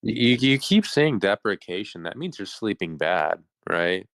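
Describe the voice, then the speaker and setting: A man's voice: fairly low pitch, big pitch swings, a little slow, a bit bright, dry recording, clean studio sound. A man co-hosting a casual podcast chat, teasing his friend and explaining himself patiently. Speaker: podcast co-host.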